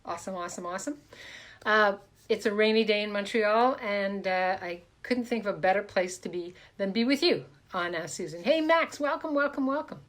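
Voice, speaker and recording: A woman hosting a live stream as a coach, talking casually and warmly greeting viewers by name with repeated welcomes. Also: medium pitch, brisk. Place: home, in a room.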